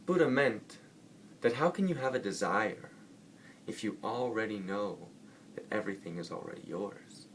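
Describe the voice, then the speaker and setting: A man's voice: lowish voice, lively intonation, moderate pace, slight background noise. A man vlogging casually about spiritual ideas. He rambles playfully and often corrects himself mid-sentence. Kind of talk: casual spiritual talk to camera.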